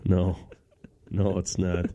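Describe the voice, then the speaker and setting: A young man with a hoarse voice, co-hosting a casual sports podcast and ranting in exasperation. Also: low-pitched, monotone, slow, warm tone. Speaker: podcast co-host.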